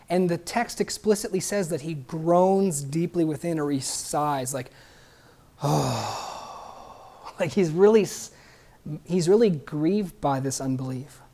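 This male preacher has a high-pitched, slightly mellow voice and delivers his sermon in an easy, conversational way. He sounds earnest, occasionally stumbles over a word, and keeps checking in with a questioning "right?".

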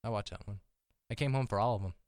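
A young man in casual chat as a podcast guest, laid-back and quick to laugh. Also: fairly low pitch, a little mellow, no room sound, clean studio sound. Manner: laid-back, laughs easily, tries silly voices.

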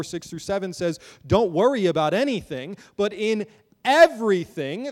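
A man's voice: a little high, a little mellow, long reverb tail. A man preaching a sermon from a pulpit in a church, earnest and building emphasis, often repeating words as he goes. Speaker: pastor. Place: church sanctuary.

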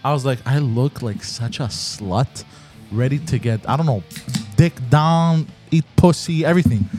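A man's voice: mid-range voice, normal speed, music in the background. A young man hosting a podcast in crude, joking casual chat. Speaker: podcast host.

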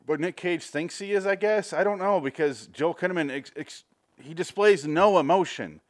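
A man's voice: on the high side, normal speed. A man co-hosting a casual movie review chat, rambling and wry, often laughing. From Canada. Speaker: podcast co-host.

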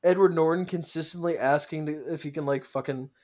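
A man co-hosting a casual movie review chat, animated and sarcastic, swearing and acting out scenes. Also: on the high side, fairly quick. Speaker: podcast co-host.

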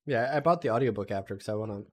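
Fast-talking rambling man. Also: on the low side, expressive. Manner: quick, rambling, filler-heavy. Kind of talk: casual chat.

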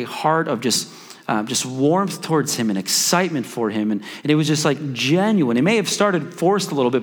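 A pastor telling a personal story in a sermon, animated and acting out his own thoughts. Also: a little high, in a large hall.

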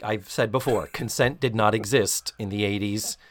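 A man co-hosting a podcast, recapping an old sitcom episode in casual, animated, profane chat. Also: fairly low pitch, normal speed, slight background noise. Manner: animated, profane, laughing storyteller. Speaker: podcast co-host.

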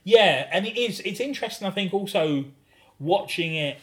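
Southern english male podcast host, slightly high voice, rambling with fillers. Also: animated, moderate pace. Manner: rambling anecdotes with filler words. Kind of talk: casual chat.

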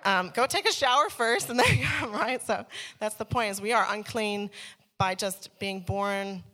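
A woman tells her life story to a congregation in a clear, bright voice. She speaks candidly and laughs often. When the story gets heated her voice shoots up high. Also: measured pace. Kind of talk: personal testimony to a church audience.

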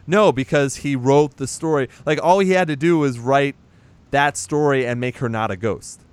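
A man's voice: medium pitch, moderate pace, clean tone, no echo. A man in casual chat, recapping a movie as a podcast host, chatty and teasing, swearing now and then.

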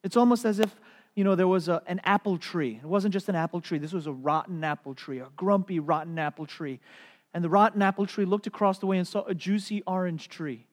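A middle-aged man preaching a sermon as a pastor, telling stories in an animated way and putting on playful voices. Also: high voice, brisk. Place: church sanctuary. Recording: long hall reverb.

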